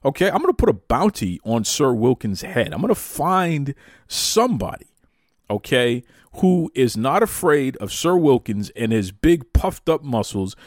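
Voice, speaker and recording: A man hosting his own show, bouncing through jokey, mock-indignant banter. His pitch swings widely as he talks, and the sound is close and dry, with no room around it. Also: unhurried, dry recording. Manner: animated, mock-outraged banter. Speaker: podcast host. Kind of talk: casual chat.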